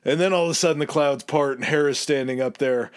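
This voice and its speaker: A man's voice: fairly high pitch, fast talker. Crude, jokey male podcast storyteller. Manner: crude, jokey, laughs often. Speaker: podcast co-host. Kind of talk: casual comedic storytelling.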